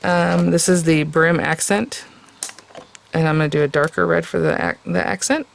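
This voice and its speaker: A woman's voice: low-pitched, moderate pace, vocal fry, slight background noise. A woman hosting a casual crafting tutorial, chatting and thinking aloud as she works, with plenty of fillers.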